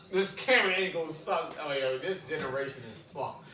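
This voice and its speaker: A man reacting live to an episode, with loud excited outbursts and heavy profane slang. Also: on the high side, normal speed. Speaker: reaction video host. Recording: roomy, distant mic, show audio behind. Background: episode audio and music playing.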